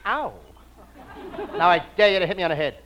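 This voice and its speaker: A man in a comedy sketch, talking in an excitable, boyish way with frequent giggles. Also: high-pitched, a little fast, over a noisy crowd. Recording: muffled old recording with loud hiss.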